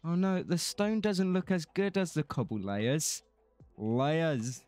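A man's voice: fairly high pitch, slow pace, a little mellow, dry recording, soft background music. A man streaming a building game, rambling casually, swearing freely and laughing often. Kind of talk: casual livestream commentary while gaming.

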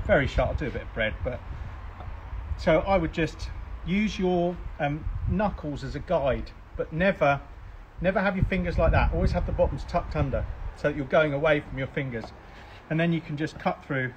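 A man's voice: on the high side, moderate pace, dull audio. A man hosting a casual live cooking show, chatty and rambling with plenty of ums. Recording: faint background noise.

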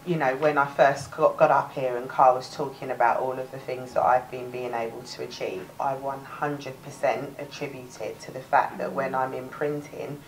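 Cockney woman leading a workshop, low voice, a little far from the mic with faint background noise. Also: level tone, normal speed, hardly any pauses. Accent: London Cockney. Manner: chatty, restarts words, laughs often. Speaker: workshop presenter. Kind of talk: live workshop teaching.

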